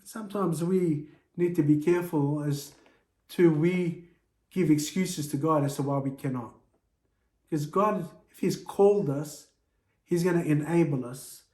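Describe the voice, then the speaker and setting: Male preacher, slightly high voice, earnest exhortation, echoey church room. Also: measured pace, a little mellow. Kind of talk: sermon.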